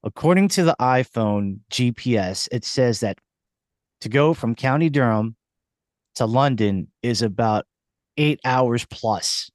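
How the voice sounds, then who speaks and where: Male podcast host, showman energy, stumbles and restarts, mid-pitched, recorded dry in a studio. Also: expressive, a little slow, no room sound. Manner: hyped-up showman, stammering restarts. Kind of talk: casual interview.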